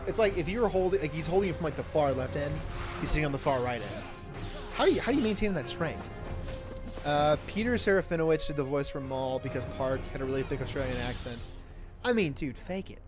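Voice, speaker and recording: A man's voice: on the high side, lively intonation, fast, music in the background. A man co-hosting a casual reaction stream, talking in a crude, joking, rambling way over the film they are watching. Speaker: co-host.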